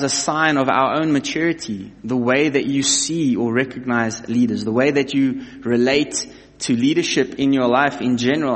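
A man preaching a sermon to his congregation, earnest and emphatic, often repeating key phrases and addressing the listeners as "guys". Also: mid-range voice. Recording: reverberant hall.

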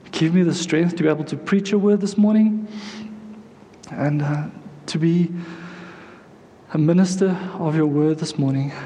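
A male pastor, emotional and near tears, preaching and praying with halting, repeated words. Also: on the high side, warm tone, long reverb tail, slight background noise. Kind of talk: sermon with prayer and scripture reading. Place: church sanctuary.

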